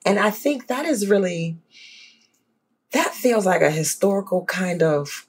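A woman with a New Orleans accent, speaking as an academic guest in a casual panel discussion, emphatic and animated, often checking in with "right?". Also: medium pitch, measured pace, a little hiss or hum. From New Orleans, US South.

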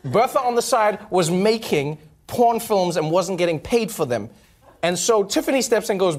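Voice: mid-range voice, lively intonation, very noisy. An interviewer asking about a guest's stories in a casual, amused way, often laughing. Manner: amused, laughing, halting with fillers.

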